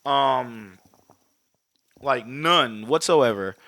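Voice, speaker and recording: A man co-hosting a podcast, recapping a film in casual, profane talk and acting out the scenes in quick voices. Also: medium pitch, a bit bright, no room sound. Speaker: podcast co-host. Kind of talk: casual movie recap chat.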